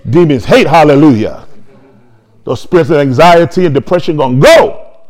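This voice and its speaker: A man preaching a sermon, telling a story quietly and then building to loud, shouted praise. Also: on the high side, lively intonation, normal speed. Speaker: pastor.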